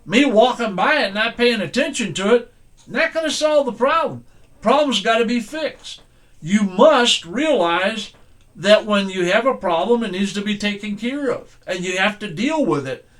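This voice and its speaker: An older man preaches in a folksy, plain-spoken way, his voice sitting high for a man. He slows right down to read scripture aloud. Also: animated, a bit bright. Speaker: pastor. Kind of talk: sermon.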